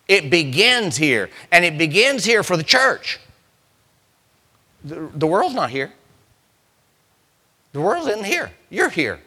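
A man preaching a sermon as pastor, restarting phrases and building to emphatic, slowed punchlines. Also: sits high, bright, forceful tone.

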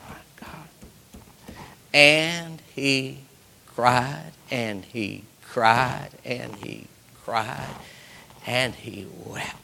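Slow, bright-voiced preacher, swinging loud to whispers. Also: male voice, medium pitch, in a large hall. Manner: dramatic storytelling, acting out Bible characters, dropping to whispers. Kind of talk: sermon.

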